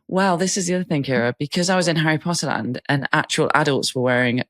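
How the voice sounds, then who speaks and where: A woman's voice: deep voice, fast, a bit bright. A British woman from England co-hosting a podcast, telling stories in casual chat and swearing freely. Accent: British English. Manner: chatty anecdotal storytelling, swears freely. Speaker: podcast co-host.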